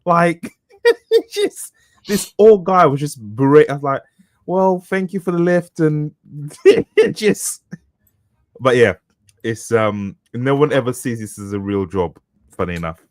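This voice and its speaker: Male podcast co-host from the UK, 30s, animated swearing storyteller, dry close mic. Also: mid-range voice, slow, dry recording. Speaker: co-host, author. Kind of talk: casual podcast chat.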